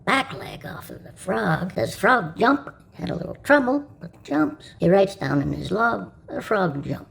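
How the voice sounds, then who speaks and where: A woman telling bawdy jokes, storytelling and acting out the dialogue in a gravelly voice. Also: mid-range voice, lively intonation, normal speed, hardly any pauses, low-quality recording. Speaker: joke teller.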